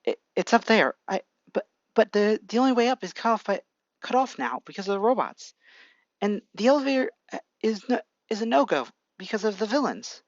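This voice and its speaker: A reader voicing an anxious young woman inventor in a raised, halting voice, reading amateur fan fiction. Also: medium pitch, lively intonation, no room sound, dull audio, pitched above the performer's own voice, close to an everyday voice. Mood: worried.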